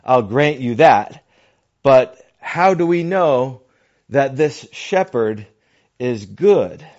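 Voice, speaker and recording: A pastor preaching a sermon, slow and deliberate, often dropping his voice to a hushed near-whisper for emphasis. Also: medium pitch, animated. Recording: dull lo-fi recording.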